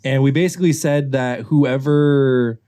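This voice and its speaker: A young man co-hosting a podcast, chatting casually and animated, swearing and laughing easily. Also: medium pitch, unhurried, clean tone. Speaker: podcast co-host. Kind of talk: casual chat and comic reading.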